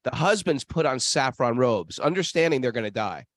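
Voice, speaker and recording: At normal speed and with an animated delivery, the podcast host tells loose, rambling stories at a travel spot by the temples, stumbling into restarts and fillers along the way. His pitch is medium, and the audio has no echo.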